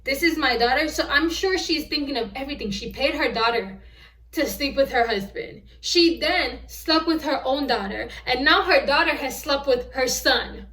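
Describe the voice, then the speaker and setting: A woman with a fairly high voice recaps a movie in a casual vlog review, full of exasperated disbelief at the plot. She sits back from the mic, and the room around her rings with echo. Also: normal speed, pushed and bright. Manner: exasperated, incredulous storytelling. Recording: echoey room, distant mic.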